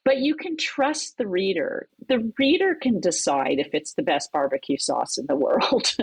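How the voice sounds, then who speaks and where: A woman who teaches cookbook writing, talking in an animated, conversational way as a podcast guest. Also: lowish voice, moderate pace, gravelly, breathy edge, no echo, low-quality recording. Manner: animated, lively storyteller with laughs. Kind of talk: conversational interview.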